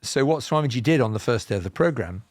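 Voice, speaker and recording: A man from England with a southern, BBC-style received pronunciation accent, telling personal stories as a podcast guest in a measured, explanatory way with self-deprecating humour. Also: mid-range voice, animated, dry recording, clean studio sound. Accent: Southern English, BBC-style received pronunciation. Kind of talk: reflective personal storytelling.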